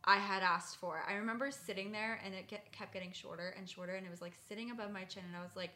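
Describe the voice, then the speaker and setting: A young woman co-hosting a podcast, telling stories in a chatty, animated way full of "like". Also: medium pitch, fast talker. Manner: chatty storyteller, lots of "like", animated. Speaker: podcast co-host. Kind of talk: casual chat.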